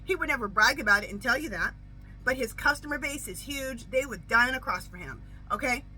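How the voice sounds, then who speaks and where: A middle-aged woman reading tarot, chatting casually and telling stories with an animated, emphatic delivery that keeps checking in with "okay?". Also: high voice, fairly quick, soft background music, poor audio. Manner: animated storytelling, repeats "okay?". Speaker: tarot reader. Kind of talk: casual chat.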